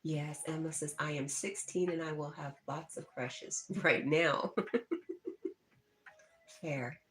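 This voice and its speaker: A woman's voice: deep voice, fairly even intonation, slow pace. A woman in her sixties hosting a livestream, reading out viewer comments and greeting people by name with chuckles. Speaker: livestream host.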